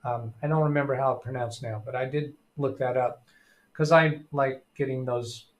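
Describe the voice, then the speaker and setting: A middle-aged man hosting a casual live tech stream, reading chat aloud and thinking out loud with many fillers. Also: medium pitch, steady tone, normal speed.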